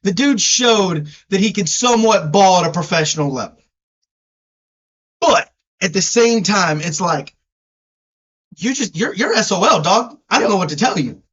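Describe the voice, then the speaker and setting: A man with a strong Southern accent talks sports with a brash, teasing edge. His voice sits high for a man. The sound is a little dull and lo-fi. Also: lively intonation, a bit bright, slightly rough. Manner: brash, teasing, drawn-out emphasis. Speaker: podcast co-host. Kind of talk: casual sports chat. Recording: dull lo-fi audio.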